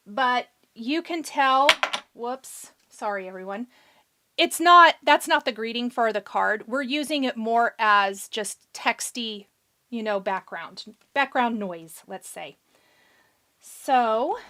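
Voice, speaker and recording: A woman's voice: on the high side, a bit bright. A woman hosting a live card-making demonstration, chatting casually and answering viewer questions as she works. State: has the hiccups. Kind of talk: live-stream craft demonstration.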